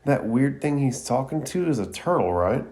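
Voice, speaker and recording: A brash, loud young ninja boy, as a man puts him on with his voice pushed up from its low, gravelly base. He mocks and blurts out everything as the anime scene is retold. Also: very animated, normal speed. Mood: brash mocking.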